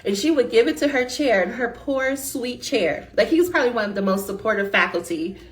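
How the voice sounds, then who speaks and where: Addressing her audience directly, a dissertation coach delivers a casual, colloquial motivational pitch with plenty of emphasis. Her delivery is expressive and brisk.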